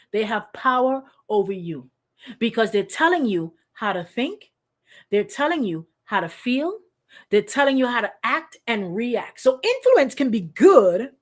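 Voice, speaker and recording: A woman pastor giving a lively, conversational sermon, calling on congregants by name and often restarting her sentences. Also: fairly high pitch. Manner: animated, lively, acts out quoted voices, addresses congregants by name; frequent restarts and repetitions.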